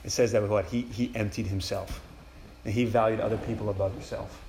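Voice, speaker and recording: Young male campus preacher, quick and casual, echoey room with faint background hum. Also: fairly low pitch, steady tone, gravelly, a little mellow. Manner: casual, enthusiastic, talks in quoted inner prayers. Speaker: campus ministry speaker. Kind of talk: retreat sermon.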